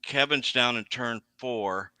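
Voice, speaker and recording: A man with a bright, crisp, smooth voice recalls racetrack stories at a very unhurried pace. He halts and restarts often, in a dry, close sound. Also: mid-range voice, dry recording. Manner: halting, with many restarts. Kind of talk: storytelling in a casual chat.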